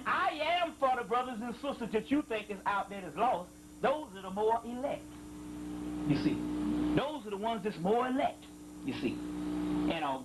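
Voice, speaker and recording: Male lecturer, high pitched, emphatic slow reader who stops to explain each passage and checks in with the room. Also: background noise. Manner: slow emphatic reading of quotes, frequent "you see what I'm saying". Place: lecture hall with live audience.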